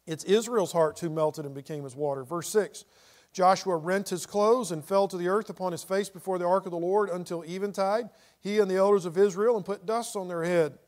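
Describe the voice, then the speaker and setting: A man's voice: high voice, a little fast, darkish tone. A middle-aged man teaching a Bible study in a conversational way, reading scripture aloud with dramatic inflection.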